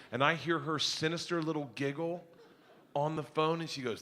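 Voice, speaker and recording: A middle-aged man doing stand-up, telling stories in a loud, crude, animated way that breaks into shouts. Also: on the high side, normal speed. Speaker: stand-up comedian. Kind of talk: stand-up storytelling. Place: comedy club stage before a live audience. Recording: live room noise from the crowd.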